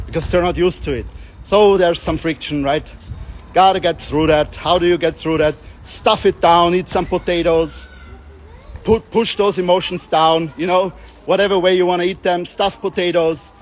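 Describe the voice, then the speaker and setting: A young man with a high-pitched voice talks casually as a self-development coach. He rambles and jokes, and slips into acted-out voices for the people he describes. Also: moderate pace, slight background noise. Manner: joking, rambling, acts out quoted voices. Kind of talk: casual monologue with playful voice demonstrations.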